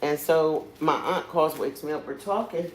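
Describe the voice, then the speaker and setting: Low-voiced woman chatting on a livestream. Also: normal speed, noisy background. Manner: candid and earthy, with frequent swearing and trailing asides. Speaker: livestream host. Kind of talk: casual storytelling chat.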